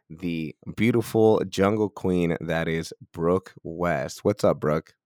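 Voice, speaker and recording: A man's voice: deep voice, slow pace, hardly any pauses, a little mellow, no room sound, studio quality. A man co-hosting a health podcast, chatting casually and laughing often. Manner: laughs often, loose and joking. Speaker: podcast co-host, strength coach.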